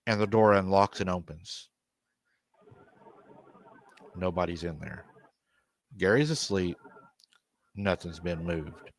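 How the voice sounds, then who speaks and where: A man's voice: sits low, slow pace, pauses often. A man hosting a live paranormal stream, retelling a family's story and quoting the people in it. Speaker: paranormal show host.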